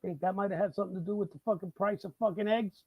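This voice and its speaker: A man's voice: sits high, fairly even intonation, racing, slightly rough, dry recording, lo-fi sound. A man hosting a live show, delivering a profane, heated and sarcastic political rant. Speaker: host of a live talk show. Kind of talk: ranting political monologue.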